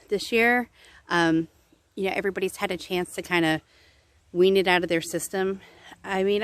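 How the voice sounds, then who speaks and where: A woman's voice: on the low side, no room sound. Rambling, candid woman vlogging outdoors. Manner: rambling, candid, swears casually. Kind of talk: casual chat to camera. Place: outdoors on woodland trail stairs.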